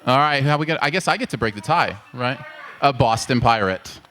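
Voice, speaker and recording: A man's voice: mid-range voice, animated, a little fast, pushed and bright, a little hiss or hum. A man co-hosting a live podcast show at a venue, upbeat and grateful, rallying the audience. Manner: upbeat, grateful, hypes the crowd. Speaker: podcast co-host.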